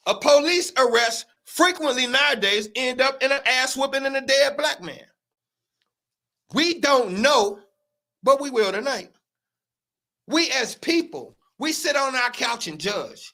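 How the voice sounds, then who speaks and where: A man's voice: extremely high pitch, bright, forceful tone. A man hosting a livestream commentary, talking in a heated, profane, emphatic way and often repeating his words. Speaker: show host.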